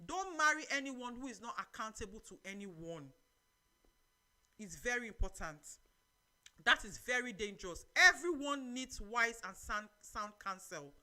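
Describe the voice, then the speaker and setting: A middle-aged woman with a Nigerian accent hosts a live church talk show. Her voice sits fairly high and sounds bright and forceful. She preaches with lively energy, reads out viewer comments and slips into Nigerian Pidgin phrases. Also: unhurried.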